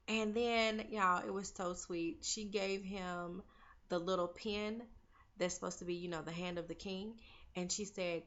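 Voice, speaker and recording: In a muffled recording, a young TV recap vlogger talks through an episode unhurriedly, her medium-pitched, fairly bright voice holding a steady tone. She's chatty and opinionated, treating viewers like friends and calling them "girl" and "y'all".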